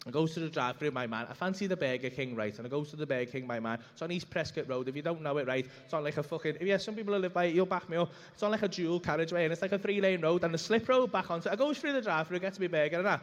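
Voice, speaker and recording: A man's voice: fairly high pitch, racing, hardly any pauses, in a large hall. A young man telling a rambling, sweary stand-up story on a comedy club stage. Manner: brash, sweary, rambling anecdote full of asides.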